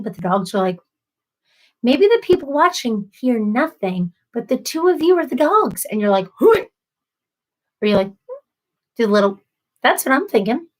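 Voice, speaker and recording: Woman, thirties, slightly high voice, chatty self-deprecating livestream host. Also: expressive, moderate pace, low-quality recording. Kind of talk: casual livestream chat.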